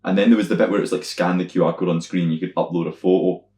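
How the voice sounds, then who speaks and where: A man's voice: very fast, echoey room. A young Scottish man co-hosting a podcast, telling stories in a casual chat, acting out other people's lines and swearing freely. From Scotland. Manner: animated storyteller, acts out other people's lines in loud high voices, swears freely. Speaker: podcast co-host.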